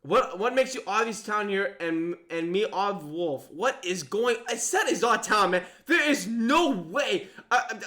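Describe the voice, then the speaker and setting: A young man commentating live on an online mafia game he is playing, excitable and full of disbelief, thinking out loud. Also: extremely high pitch.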